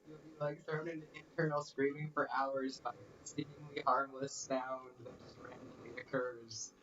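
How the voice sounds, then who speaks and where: A man's voice: mid-range voice, flat delivery, normal speed, a bit bright. A man with a mixed Russian-sounding accent chatting casually on a stream, laid-back and rambling. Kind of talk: casual chat. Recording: distant muffled mic.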